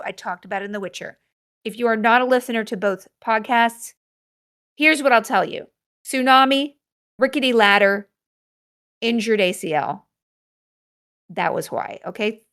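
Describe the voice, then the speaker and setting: A woman hosting a solo podcast, chatting casually with self-deprecating, animated asides. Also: on the high side. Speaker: podcast host.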